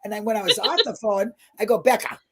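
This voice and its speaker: A woman guest chatting casually, excitable and emotional, often stammering. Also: mid-range voice, fast, background noise. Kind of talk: casual chat.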